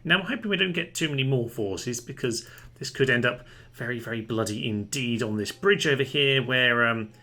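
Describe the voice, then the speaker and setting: A man's voice: medium pitch, normal speed, pushed and bright. A man giving chatty, wry commentary as host of a strategy game playthrough. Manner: chatty, wry, dry humour. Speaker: let's play host.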